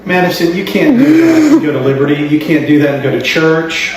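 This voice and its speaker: A man's voice: a little high, big pitch swings, fairly quick. A man playing an exasperated father who scolds his teenage daughter with incredulous pleading. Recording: very echoey, noisy room.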